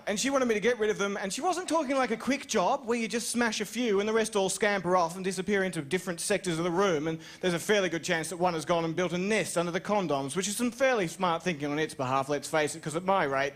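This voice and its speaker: A young Australian man telling a rambling, self-mocking story on stage as a stand-up comedian. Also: a bit bright. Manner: rambling, self-mocking storytelling with sudden high-pitched jumps.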